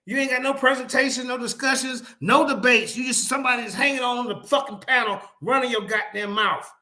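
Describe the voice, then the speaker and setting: His voice is extremely high, pushed, and bright, and he speaks fairly quickly. In a heated online panel argument, this man keeps hammering a rival with angry, profane, repeated call-outs.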